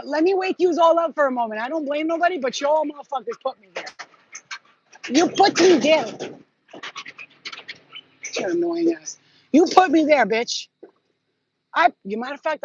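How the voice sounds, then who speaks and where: A woman's voice: mid-range voice, darkish tone, slightly rough, dry recording, highs cut off. A woman hosting her own channel, telling rambling, profane stories in a casual vlog. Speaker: channel host.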